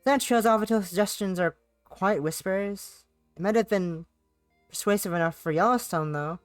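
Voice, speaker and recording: A woman's voice: medium pitch, normal speed, no room sound, studio quality, soft background music. A young adult woman live streaming a visual novel, reading it aloud and chatting in a playful, rambling way that repeats itself and slips into sing-song bits. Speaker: game streamer.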